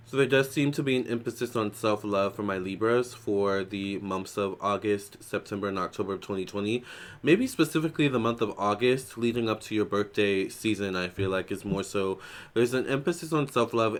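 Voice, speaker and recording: A tarot reader with a fairly low-pitched, brisk voice gives a casual psychic tarot reading. He's chatty and loose, full of fillers and restarts, and prays softly.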